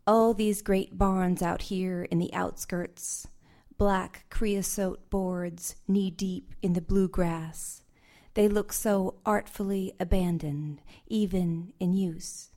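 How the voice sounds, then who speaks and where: A woman reads her poetry aloud at a live event. Her voice sits low and she takes her time, unhurried and soft, with hesitant chatty asides between poems. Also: steady tone. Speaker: poet. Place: live reading event before an audience.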